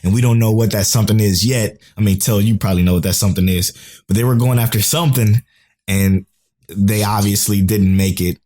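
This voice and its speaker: A young man co-hosting a podcast, recapping episodes in an excitable, casual way with some swearing. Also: on the low side, a little fast. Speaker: podcast co-host. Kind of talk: casual chat.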